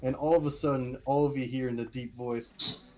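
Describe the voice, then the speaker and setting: A man playing in a live-play tabletop game, talking in an animated way and quick to laugh. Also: mid-range voice, soft background music, low-quality recording. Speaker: player.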